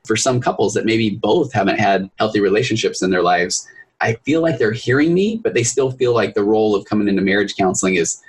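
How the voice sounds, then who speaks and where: A middle-aged man, a marriage and family therapist, talking as a guest on a podcast and telling client stories with lively acted-out voices. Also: on the low side, slightly rough, low-quality recording. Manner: fast, animated storytelling, acts out clients' voices. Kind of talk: podcast interview.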